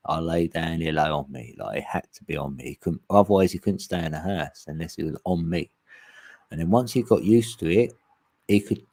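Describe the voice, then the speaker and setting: Deep husky man chatting. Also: mellow, no echo. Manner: rambling, chatty, laughs often. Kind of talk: casual chat.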